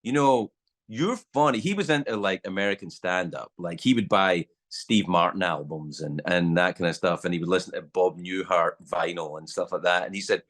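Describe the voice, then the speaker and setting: A man's voice: sits low, fairly quick, hardly any pauses. A man in his sixties, a guest telling stories in a casual podcast chat and acting out the voices of people in them. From Scotland. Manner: animated storyteller, acts out voices.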